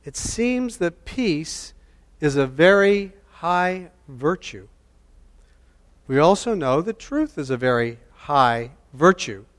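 A man preaching a sermon, deliberate in delivery and repeating key phrases for emphasis. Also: fairly high pitch, very animated, in a large hall.

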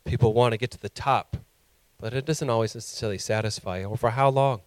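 A man's voice: mid-range voice, fast talker, no echo. A male pastor preaching a sermon with impassioned emphasis that rises to emphatic peaks.

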